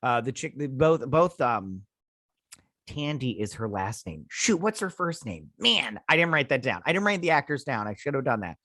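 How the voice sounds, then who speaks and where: Male reviewer host, casual and rambling, quick to laugh and complain; average pitch, dry recording. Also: sing-song, sharp tone, dry recording. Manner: rambling, blunt, laughs often, retells scenes with "she's like". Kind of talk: casual episode recap and review.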